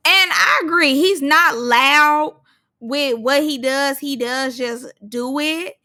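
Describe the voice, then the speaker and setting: Bright high-voiced woman recapping. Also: slow. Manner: chatty, slangy, acts out quotes from the show. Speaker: reality TV reviewer. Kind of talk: casual recap commentary.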